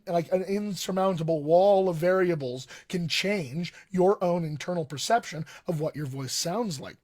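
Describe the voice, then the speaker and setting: A man's voice: high voice, darkish tone. A man teaching a live-streamed voice lesson as a dialect coach, explaining things conversationally and speaking straight to his viewers. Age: young adult. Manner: conversational, explains with analogies, addresses viewers directly.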